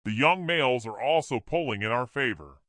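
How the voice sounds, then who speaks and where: A man's voice: medium pitch, lively intonation, normal speed, fairly bright tone, no room sound, lightly acted. A man voicing a prim, matter-of-fact woman pollster in a storybook reading.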